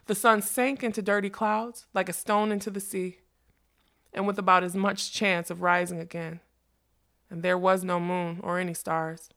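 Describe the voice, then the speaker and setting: A woman narrating a storybook in a measured, expressive reading voice. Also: on the low side.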